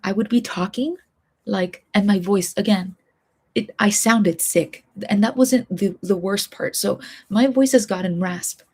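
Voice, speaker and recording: A young woman talks casually on a soft-spoken stream, her voice breathy with a slight husk. She sits at a middling pitch and rambles from thought to thought, often dropping into a whisper. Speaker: streamer and hobby voice actor.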